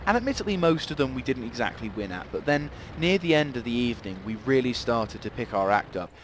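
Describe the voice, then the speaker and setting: A man's voice: mid-range voice, slight background noise. A man giving live gameplay commentary, rambling and swearing in sudden outbursts.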